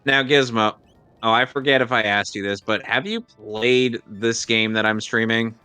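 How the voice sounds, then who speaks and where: A man's voice: mid-range voice, steady tone, pushed and bright, clear, resonant tone, dry recording, soft background music. A man hosting a live game stream, chatting casually and rambling with jokes and restarts. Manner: rambling, joking, halting restarts. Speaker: streamer host. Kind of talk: casual gameplay commentary.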